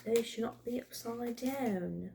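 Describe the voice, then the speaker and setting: A woman's voice: fairly high pitch, slow, vocal fry, warm tone, slight background noise. A young woman doing a casual tarot and oracle card reading, emotional, laughing often and swearing now and then. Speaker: tarot reader.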